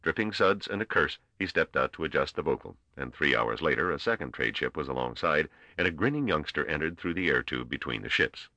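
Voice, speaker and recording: Male audiobook narrator, measured delivery, bright tone, dry close-miked sound. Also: a bass voice, animated, no room sound. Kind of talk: scripted narration.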